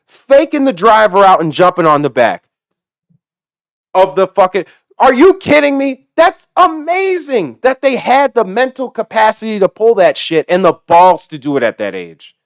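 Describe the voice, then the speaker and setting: Foul-mouthed man ranting with lively swings. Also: high voice, no room sound, clean studio sound. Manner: swears constantly, animated, laughs at his own story. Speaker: delivery driver. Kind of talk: profane storytelling rant.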